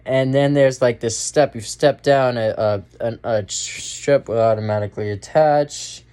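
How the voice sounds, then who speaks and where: A man's voice: mid-range voice, fairly even intonation, a little slow, warm tone, smooth. Young male vlogger, casual film review, rambly delivery with lots of "like" and "um". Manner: rambling, many fillers and restarts. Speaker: movie reviewer.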